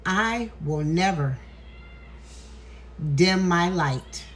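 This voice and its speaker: A woman's voice: fairly low pitch, expressive, extremely slow, a little hiss or hum. A woman in an emotional vlog monologue, emphatic and preachy, near tears, swearing freely as she speaks into her phone indoors. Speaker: tarot content creator. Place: indoors, walking in a hallway.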